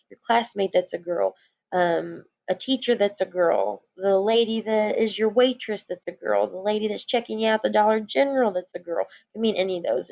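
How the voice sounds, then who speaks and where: A woman's voice: mid-range voice, vocal fry, darkish tone, highs cut off. A woman teacher giving a recorded lesson to young children, explaining patiently.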